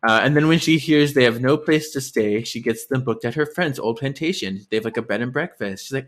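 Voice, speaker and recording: Bright-voiced man recapping a book. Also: mid-range voice, a little fast, hardly any pauses. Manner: animated retelling, acts out characters' lines with laughs. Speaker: podcast co-host. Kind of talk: casual book-recap chat.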